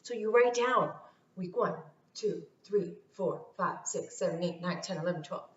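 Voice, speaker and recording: A woman's voice: on the low side, lively intonation, normal speed. A woman vlogger talking casually to camera with motivational life advice, emphatic and repeating her key phrases. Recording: roomy, distant, dull sound.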